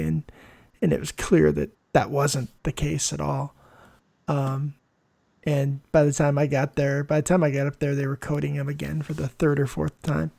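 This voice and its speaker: A man hosting a podcast interview, a nurse telling work stories in a lively way and acting out what people said. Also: on the high side, creaky, dry recording. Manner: animated storyteller, quotes people in dialogue. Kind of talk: conversational interview storytelling.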